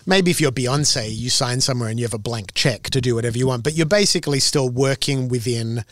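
A man's voice: medium pitch, fast, a bit bright, dry recording. A man, a singer-songwriter, answering interview questions casually and rambling through his thoughts. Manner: rambling, restarts mid-thought. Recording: dry close recording.

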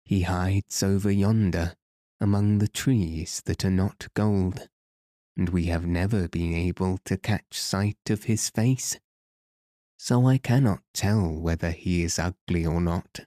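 A man reading the part of a plain-spoken, matter-of-fact woman in a storybook. The voice stays low and dark, with a dry, close sound. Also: fairly even intonation, slow, dry recording.

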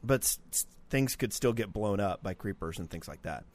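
Low-voiced guy rambling on a podcast, keeps restarting and laughing. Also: lively intonation, normal speed, a little mellow. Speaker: podcast co-host. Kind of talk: casual chat.

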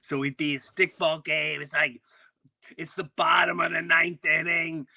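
A man hosting a podcast, telling neighborhood stories in a loose, animated way, with lots of false starts. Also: fairly high pitch, a little slow, vocal fry. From grew up in a city neighborhood near an airport. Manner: animated, with many restarts and acted-out quotes. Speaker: podcast host. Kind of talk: casual storytelling chat.

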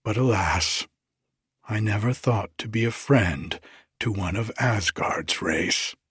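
A man voicing an obstinate young giantess maiden in a hushed, defiant whispered role-play. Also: lowish voice, slow, husky, no room sound, studio quality, exaggerated voice.

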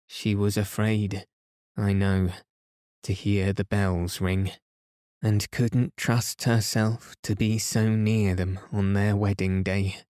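A man reading the part of a remorseful elderly father who talks softly and slowly, pleading as he speaks. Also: on the low side, flat delivery, dry recording, clean studio sound.

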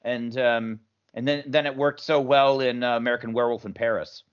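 A man co-hosting a movie podcast in casual chat, halting and restarting his sentences. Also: medium pitch, steady tone, clear, resonant tone. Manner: halting, many restarts, agrees with "correct". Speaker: podcast co-host. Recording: dull podcast audio.

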